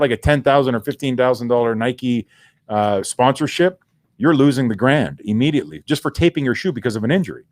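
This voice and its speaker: A mid-pitched man on a sports talk show tells stories with animated candor and a casual streak of swearing. His voice is recorded close and dry, with no room sound around it. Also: no echo. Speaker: co-host, former pro football player.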